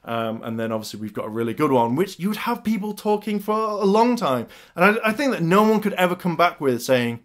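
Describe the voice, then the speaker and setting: Excited young man vlogging. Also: sits high. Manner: excited, animated storytelling with quick acted asides. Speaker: YouTuber. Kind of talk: casual fan theory vlog.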